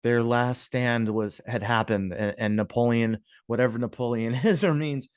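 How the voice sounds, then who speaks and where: A man's voice: mid-range voice, normal speed, clean tone, no room sound. Dry, musing male history vlogger. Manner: musing, sarcastic asides, frequent "guys" and chuckles. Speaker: history video host. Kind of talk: casual commentary over images.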